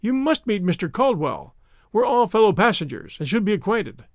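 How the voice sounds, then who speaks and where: Male narrator doing a polite young lady, slow and gracious, high lively pitch. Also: no echo, studio quality.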